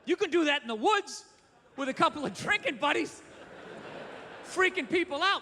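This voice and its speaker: Male stand-up comic, high bright voice, ranting with shouted punchlines, live theater reverb, faint crowd. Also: expressive, moderate pace, long pauses, slight background noise. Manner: ranting, shouting bursts, crude swearing. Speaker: stand-up comedian. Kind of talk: stand-up comedy set. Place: theater stage.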